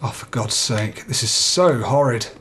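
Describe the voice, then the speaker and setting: A man's voice: mid-range voice, expressive, unhurried, a bit bright, slight background noise. A young man playing a horror game, nervously talking himself through it and swearing now and then. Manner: jittery, talks himself through fear, swears. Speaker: let's play gamer.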